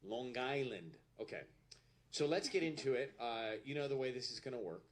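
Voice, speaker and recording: A man's voice: mid-range voice, lively intonation, normal speed. A man hosting a radio call-in show, upbeat and bantering.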